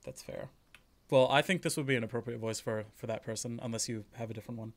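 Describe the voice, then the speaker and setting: A let's play streamer with a medium-pitched voice commentates casually and fast on his game, joking around and reading the on-screen text, including place names, aloud.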